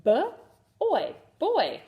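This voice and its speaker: A woman teaches phonics to young children, slowly sounding out each letter of a word. Her fairly high voice swings up and down a lot, and she praises often. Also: wildly swooping pitch, highs cut off. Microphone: recorded to camera for a video lesson.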